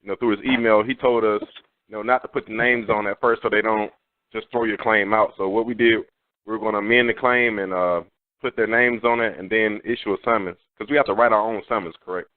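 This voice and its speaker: A male caller on a radio show, hurried as he explains himself and asks his questions. His voice sits low and moves quickly. It comes over a dry, tinny phone line. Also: steady tone, no echo.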